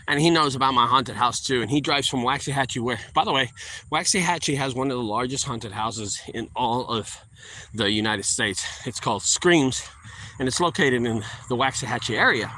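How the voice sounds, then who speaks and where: A man's voice: mid-range voice, bright, forceful tone, a little hiss or hum, rough recording. A middle-aged man who owns a junk removal business, rambling and repeating himself as he gives casual advice and briefly acts out his conversations with customers. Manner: rambling and repetitive, acting out short quoted exchanges.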